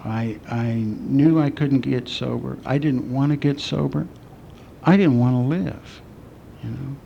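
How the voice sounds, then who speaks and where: Middle-aged man, recovery-meeting speaker, self-mocking storyteller, mid pitch, faint rumble in the recording. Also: measured pace, vocal fry, highs cut off. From southwestern United States. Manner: candid, self-mocking storytelling with dark humor. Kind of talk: personal recovery talk.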